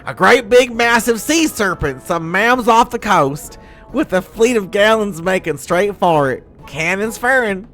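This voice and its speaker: A man voicing a cowardly rustic male dockhand from a game, in a put-on country bumpkin accent, excitable and yelping. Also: high-pitched, measured pace, faint music behind, voice pushed up. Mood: rattled.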